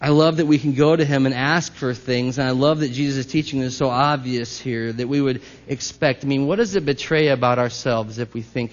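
Male pastor, mid-pitched, chatty sermon delivery full of questions, slightly muffled recording. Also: a little fast, hardly any pauses. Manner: conversational, asks the congregation questions.

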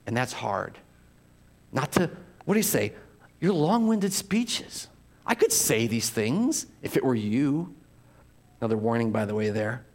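A man preaching an expository sermon, reading scripture dramatically and swinging from loud emphatic lines to hushed, near-whispered ones. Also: mid-range voice, very animated, a little slow, long pauses.

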